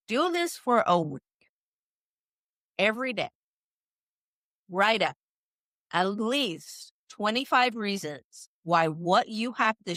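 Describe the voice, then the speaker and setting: A woman talks listeners through advice on a podcast, in an unhurried and deliberate way. Her pitch sits in the ordinary middle range for a woman. The sound is close and dry, with no room around it. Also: fairly bright tone, dry recording. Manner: measured, coaching tone with frequent "right?" check-ins. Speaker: communication coach. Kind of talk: instructional podcast talk.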